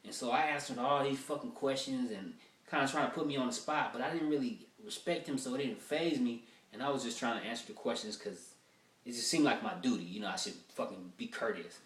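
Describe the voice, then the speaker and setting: A man running through rough-draft stand-up jokes, telling long profane stories with lots of fillers and restarts. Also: medium pitch, brisk, reverberant, recorded from a distance. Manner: profane, rambling storytelling with many fillers. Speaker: stand-up comedian.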